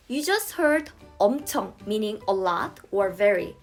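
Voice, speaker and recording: A woman's voice: medium pitch, very animated, normal speed, hardly any pauses, faint music behind. A young Korean woman with a Korean accent, teaching a casual language lesson and playfully acting out short examples.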